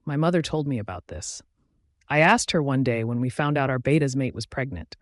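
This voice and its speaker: A man narrating a fantasy romance audiobook in the first person, in an even storytelling delivery. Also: mid-range voice, fairly quick, no room sound, clean studio sound.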